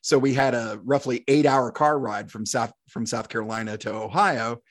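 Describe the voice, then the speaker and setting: A man's voice: medium pitch, moderate pace. Male podcast host, casual interview chat, enthusiastic and laughing, restarts often.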